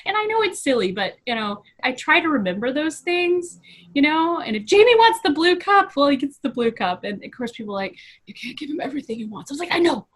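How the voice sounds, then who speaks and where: A woman's voice: high voice, big pitch swings, brisk. A woman in her thirties, a guest in a casual interview, talking in a chatty way, often laughing and saying "you know". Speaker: guest, VFX artist.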